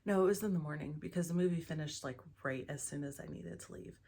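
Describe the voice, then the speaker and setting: A woman's voice: deep voice, brisk, gravelly, few pauses, dark tone, breathy edge. A woman chatting casually about her stitching projects, rambling with many ums and often dropping into a whisper, in her morning voice. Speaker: cross-stitch vlogger. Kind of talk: casual show-and-tell chat.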